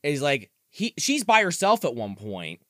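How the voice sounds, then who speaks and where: Male podcast co-host, expressive and lively, swears freely. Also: on the high side, measured pace, no echo, clean studio sound. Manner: expressive, swears often, recaps scenes. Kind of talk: casual chat.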